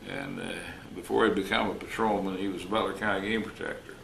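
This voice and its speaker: An older retired wildlife officer telling folksy stories in an interview, acting out the voices of the people in them. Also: male voice, low-pitched, fairly even intonation, quick pace, creaky, a bit bright. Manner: folksy, anecdotal, acts out quoted dialogue. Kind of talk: storytelling interview. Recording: roomy recording with faint noise.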